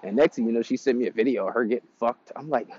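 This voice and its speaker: A man's voice: mid-range voice, very fast, a little mellow, lo-fi sound, slight background noise. A man giving dating advice in a casual, rambling monologue, blunt and profane as he tells stories.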